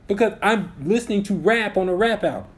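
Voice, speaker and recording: A man in his twenties co-hosts a podcast, speaking in a high-pitched voice at a fairly quick pace. In this casual chat he argues his opinions, restarting sentences as he works up to his points.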